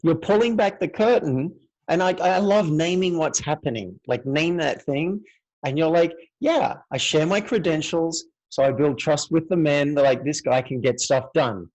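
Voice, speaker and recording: Male host, enthusiastic, affirming, slightly high voice. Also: moderate pace, a little mellow, muffled recording. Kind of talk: interview conversation.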